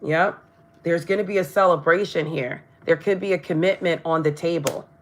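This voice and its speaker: Low-voiced woman reading tarot live. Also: steady tone, normal speed. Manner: stumbles over words, tongue-tied; chatty, addresses viewers directly. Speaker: tarot reader.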